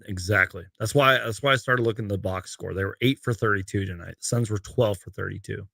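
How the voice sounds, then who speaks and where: Gravelly low-voiced man hosting a livestream. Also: fast talker, few pauses, pushed and bright, dry recording, clean studio sound. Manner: reads out game stats and viewer comments, loose and rambling. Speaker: sports fan livestream host. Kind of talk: casual live-stream chat.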